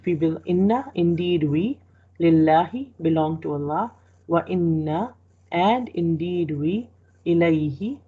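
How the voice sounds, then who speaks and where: A woman with a low, mellow, slightly husky voice gives a word-by-word translation lesson. She explains slowly, repeating phrases and correcting herself as she goes. The sound is dull and lo-fi. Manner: slow, explanatory, repeats each phrase with restarts. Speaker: Quran teacher. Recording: dull lo-fi recording.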